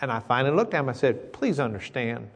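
A middle-aged man with a Southern American accent, teaching a Bible class in a folksy, joking way and reading verses slowly. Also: medium pitch, animated. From Southern United States.

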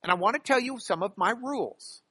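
A man's voice: high voice, lively intonation, brisk, pushed and bright, breathy edge, no room sound. A man who works as a trial lawyer teaching a class from slides, folksy and emphatic, with joking asides.

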